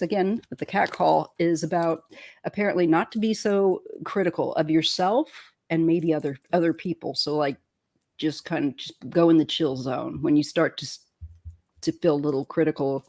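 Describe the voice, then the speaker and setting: A woman's voice: fairly low pitch, darkish tone, no echo. A woman guest reading oracle card messages aloud in a playful, joking way. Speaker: tarot reader guest.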